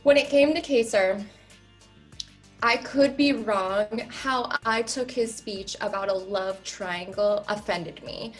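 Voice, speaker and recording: A woman in her thirties speaks candidly in an interview, her voice sitting at an ordinary middle pitch. She leans hard on key words and fills her pauses with "um," and she is close to tears at times. Faint music plays softly underneath. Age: 30s. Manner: candid, emphatic, many "um" fillers. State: emotional, near tears. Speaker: reality show contestant. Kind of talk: interview answers.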